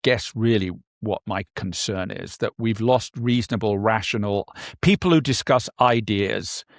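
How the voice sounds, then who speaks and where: A man co-hosting a casual political talk show, speaking haltingly with many fillers and restarts. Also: lowish voice, vocal fry, no room sound, clean studio sound. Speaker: podcast co-host.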